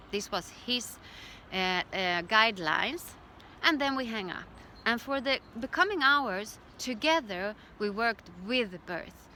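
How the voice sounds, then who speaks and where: Bright-voiced woman telling a personal story. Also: fairly high pitch, unhurried, slight background noise. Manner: calm, reflective storytelling with acted-out quotes. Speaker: birth educator.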